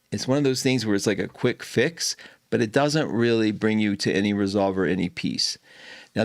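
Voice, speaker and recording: A man's voice: lowish voice, dry recording, studio quality. A man hosting a live astrology stream, chatting playfully with viewers and greeting them by name.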